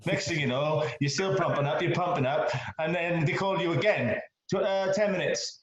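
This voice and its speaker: A man's voice: on the high side, brisk, lo-fi sound. Man in an echoey room. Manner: relaxed anecdotal storytelling. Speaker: podcast guest, bodybuilder. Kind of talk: casual chat.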